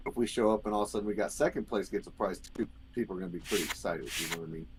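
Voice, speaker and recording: A man's voice: fairly low pitch, very fast. A man organizing a poker event, explaining the rules in an easygoing, rambling way. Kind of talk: casual stream talk. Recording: noisy stream audio.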